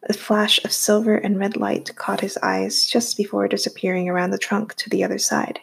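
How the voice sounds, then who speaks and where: A woman reading a novel aloud in a steady storytelling manner. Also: medium pitch, normal speed, gravelly, slightly rough. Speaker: audiobook reader.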